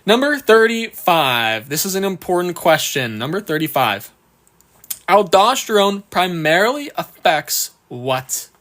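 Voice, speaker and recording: High-voiced upbeat male tutor. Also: sing-song, a bit bright. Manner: upbeat, reads questions slowly, thanks viewers often. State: hiccuping. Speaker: exam prep tutor. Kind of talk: live-stream Q&A lesson.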